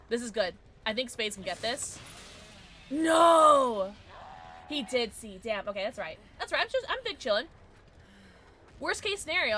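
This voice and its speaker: A young woman streaming a game live, chatting excitably with her viewers and reacting to the action. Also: mid-range voice, a little hiss or hum. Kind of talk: casual gaming livestream chat.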